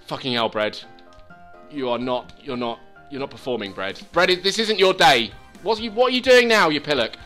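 A man commentating his own game, swearing and pleading with it out loud. His pitch leaps wildly and his tone is bright and sharp, with game music faintly underneath. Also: normal speed. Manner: excitable, swearing, talks to the game. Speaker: gaming channel host. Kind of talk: let's play commentary.

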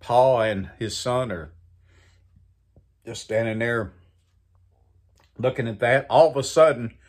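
A man's voice: medium pitch, slow pace, long pauses. A man hosting a morning show, reading books and jokes in a folksy, storytelling way. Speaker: host. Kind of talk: casual joke reading.

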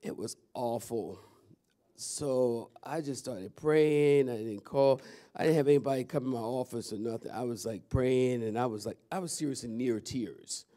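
A man's voice: medium pitch, moderate pace. A man, a pastor talking casually and animatedly to his congregation in a church. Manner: chatty and animated, calls out to the audience. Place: church sanctuary.

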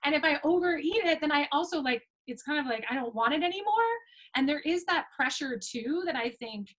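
A woman's voice: high voice, expressive, a little fast, fairly bright tone, rough recording. A woman who is a guest on an interview show, talking in a chatty, reflective way. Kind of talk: casual interview chat.

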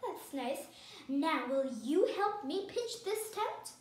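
An eager, earnest maid who takes everything literally, high and bright in voice, played by a woman reading a storybook aloud. The sound is roomy, with the speaker set back from the mic. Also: sing-song, slow pace, recorded from a distance, exaggerated voice. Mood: cheerful. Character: cheerful literal-minded maid, adult woman.

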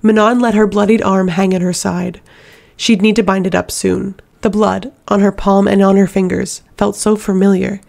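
Woman audiobook narrator, gravelly tone, measured dramatic read. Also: medium pitch, level tone, a little mellow.

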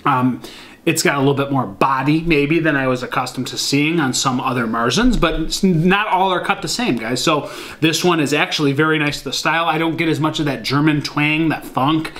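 Fairly quick and fairly bright, with a fairly high pitch, a man from Michigan chats to viewers about a beer he's trying at home. He rambles, leans on fillers, and calls the audience "guys."

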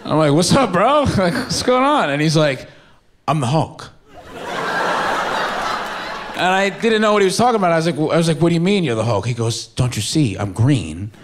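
Talking fast with hardly a pause, a young New York comic from Staten Island acts out his friends' voices while telling a story onstage. His voice is a little high and sing-song, with a bit of hiss or hum and audience laughter in the background.

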